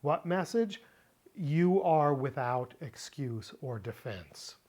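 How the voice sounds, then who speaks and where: A middle-aged man teaching a Bible word-study lesson, explaining deliberately and repeating key points for emphasis. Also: on the high side, lively intonation, a little mellow. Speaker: Greek teacher.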